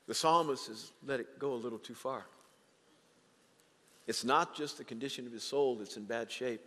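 A man preaching a sermon as pastor of his church, animated and acting out the voices of the people he quotes. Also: mid-range voice, normal speed, long pauses, in a large hall. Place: church sanctuary.

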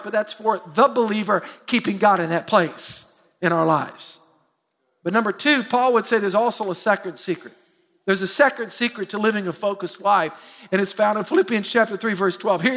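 A middle-aged man preaching a sermon as pastor, lively and self-mocking, calling on the congregation to answer. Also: sits high. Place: church sanctuary. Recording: long hall reverb.

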